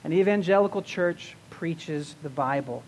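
A male pastor teaching a sermon, restarting and repeating words as he goes, slowing down to stress key terms. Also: fairly high pitch, a little hiss or hum.

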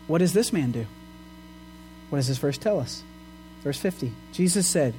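A man's voice: high-pitched, animated, normal speed, pauses often, darkish tone, slight background noise. A man pastor preaching a sermon in an earnest way, asking his listeners questions. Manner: earnest, asks the congregation rhetorical questions.

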